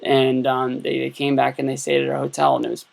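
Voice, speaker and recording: A man's voice: medium pitch, flat delivery, brisk, gravelly, a little mellow. A man in his thirties telling a rambling, casual vlog story full of fillers and restarts. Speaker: YouTube vlogger.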